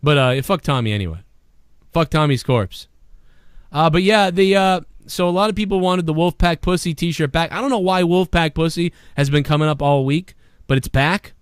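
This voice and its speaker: A man hosting a live-streamed talk show, ranting profanely and swinging between a low grumble and loud shouting. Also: moderate pace, clean tone, no echo, clean studio sound. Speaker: podcast host.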